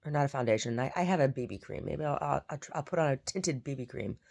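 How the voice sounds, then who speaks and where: A woman chats casually to camera about her day. Her voice sits low with a gravelly fry, yet her pitch rises and falls in a lively way. She rambles and circles back over her own words. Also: fast talker. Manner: rambling, repeats herself, chatty. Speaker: painter vlogging her day. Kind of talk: casual chat.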